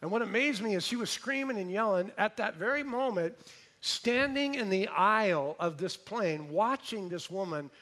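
A man preaching a sermon, telling a story in an animated way and praying. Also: high-pitched, normal speed. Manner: storytelling, animated, imitates voices.

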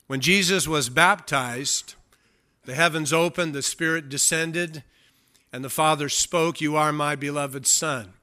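A male pastor delivers an expository sermon with an emphatic, searching delivery. He often asks his listeners direct questions. His voice is fairly high and very bright, with a sharp, forward edge.

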